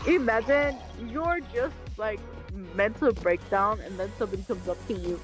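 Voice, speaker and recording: A young woman livestreamer telling a story in casual chat, animated, swearing often and laughing. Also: medium pitch, normal speed, soft background music.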